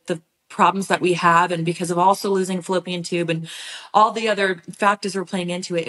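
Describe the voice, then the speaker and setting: A woman as a podcast guest, telling a personal story in an animated, heartfelt way, sometimes speeding up in quick bursts. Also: on the low side.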